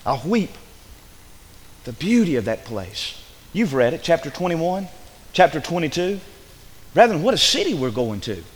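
A man's voice: on the high side, big pitch swings, moderate pace, long pauses, slight background noise. A man preaching a sermon, asking his congregation rhetorical questions with rising fervor. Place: church. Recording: long hall reverb.

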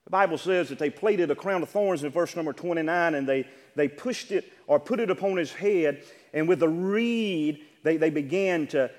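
A male pastor preaching a sermon with dynamic delivery, swinging from loud, impassioned lines to hushed ones. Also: fairly high pitch, moderate pace. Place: church sanctuary. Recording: church hall reverb.

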